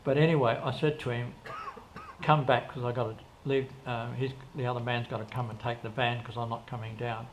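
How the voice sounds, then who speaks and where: In a casual interview, an older male guest spins long, meandering tales at a fairly quick clip, often starting over and quoting what people said. His mid-range voice shows little pitch movement, and the recording carries faint background noise.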